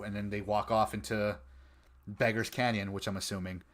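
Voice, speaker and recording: Bright-voiced man in a casual fan chat. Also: fairly low pitch, moderate pace. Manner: animated, stumbling restarts, quotes scenes in voices. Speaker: podcast co-host.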